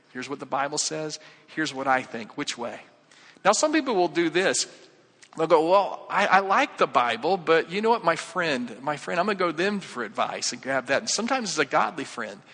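A man's voice: on the high side, pushed and bright, big-room sound. A male pastor preaching casually, joking with the congregation and acting out the voices in his stories. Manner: conversational, jokey, acts out quoted voices. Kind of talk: sermon with acted-out story.

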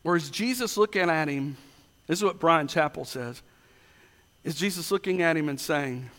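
A man preaching a sermon, asking rhetorical questions and slowing down to stress key words. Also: fairly high pitch, a bit bright. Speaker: pastor. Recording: long hall reverb.

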